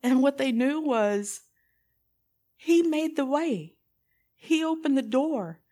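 A woman's voice: high voice, animated, slow pace, dark tone. A woman preaching a sermon in an earnest, impassioned way, putting pointed questions to her listeners.

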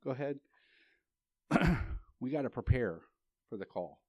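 A man's voice: mid-range voice, lively intonation, measured pace, darkish tone, husky, no echo. A man preaching a sermon. He tells a personal story in a conversational way, often restarting his sentences, and asks the congregation rhetorical questions.

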